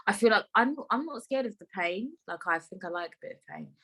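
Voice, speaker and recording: Female podcast host, lively casual chat, salty language. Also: medium pitch, fairly quick, slightly rough, poor audio. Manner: chatty, animated, swears freely.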